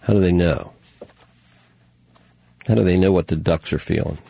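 A man's voice: sits low, moderate pace, creaky, dark tone. A man hosting a talk show, rambling through news stories with sarcastic, mocking asides. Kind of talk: casual news commentary monologue.

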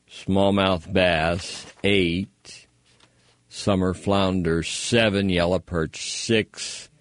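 A man's voice: sits low, dry recording. A man hosting a call-in radio show, chatting casually and rambling with lots of fillers. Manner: easygoing, rambling with many fillers.

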